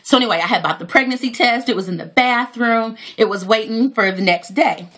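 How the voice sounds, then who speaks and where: A woman's voice: a little high, fairly quick, a bit bright. A woman, telling a heartfelt personal story to her viewers with many fillers and praise for God. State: near tears. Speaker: vlogger.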